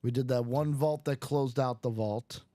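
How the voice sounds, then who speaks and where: A man's voice: mid-range voice, steady tone, normal speed, mellow. A man hosting a live card break stream, chatting casually and reeling off player names in a jokey, upbeat way.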